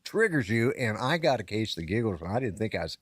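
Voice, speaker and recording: With a lowish voice full of big pitch swings, this fast-talking man sounds clean and studio-like, free of room sound, over a live-stream call setup. The middle-aged or older podcast co-host tells a drawn-out, casual story, frequently interrupting himself and beginning again.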